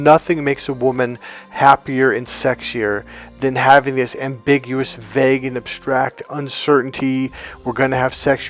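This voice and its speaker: A man with a gravelly, creaky voice talks bluntly about dating in a profane monologue, which he livens with animated stories. His pitch sits in an ordinary middle range. Faint music plays in the background. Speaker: dating coach. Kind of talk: monologue to camera.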